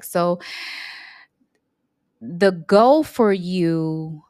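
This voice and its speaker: A middle-aged woman, an emotional intelligence coach, talking on her own podcast, unhurried, repeating her points for emphasis. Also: fairly low pitch, steady tone, smooth, no room sound, studio quality. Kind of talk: solo podcast talk.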